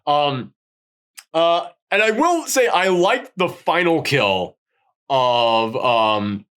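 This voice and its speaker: A chatty man reviewing a horror movie in a loose, rambling way, his voice sitting a little high for a man. He breaks into gruff put-on voices to act out scenes, then slides back into easy talk. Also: very slow. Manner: rambling, animated, acts out quotes in a gruff voice. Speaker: podcast host. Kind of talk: casual movie review chat.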